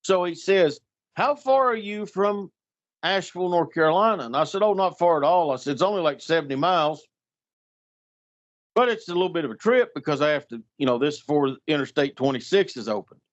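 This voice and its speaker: A man's voice: on the high side, fast. A middle-aged man telling a story in casual talk, acting out the voices of the people in it. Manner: animated, acts out voices in anecdotes. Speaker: guest storyteller. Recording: dull lo-fi sound.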